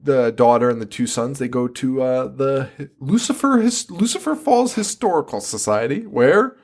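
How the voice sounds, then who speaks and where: Guy on a horror podcast cussing and cracking up at a dumb movie, normal pitch. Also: lively intonation, moderate pace, a little mellow. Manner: profane, laughing, acts out characters in silly voices. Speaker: podcast host. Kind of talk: casual movie-review chat.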